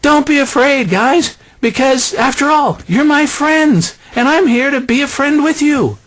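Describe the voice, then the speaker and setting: A man voicing a male teacher who offers breezy, overly cheerful flattery. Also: very high voice, unhurried, pitched above the performer's own voice. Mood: chummy.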